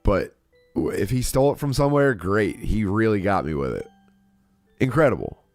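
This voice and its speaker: A man with a low voice rambles through a story to his stream, interrupting himself and swearing freely. His pitch swings widely as he tells it, and faint music plays behind him. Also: big pitch swings, moderate pace, no echo. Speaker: streamer host. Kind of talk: casual storytelling to a live chat.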